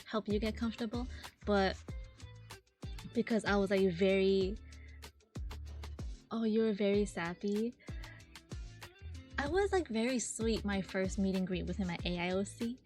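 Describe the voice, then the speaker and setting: A woman's voice: mid-range voice, measured pace, long pauses, a little mellow, faint music behind. A young woman streamer in casual chat, telling a story with lots of giggles and quoting the people she talks about.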